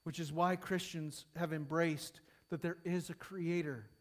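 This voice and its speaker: A man preaching a sermon to his congregation, rising to emphatic peaks and falling soft, then leading a prayer. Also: high voice. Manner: emphatic, building and falling in intensity.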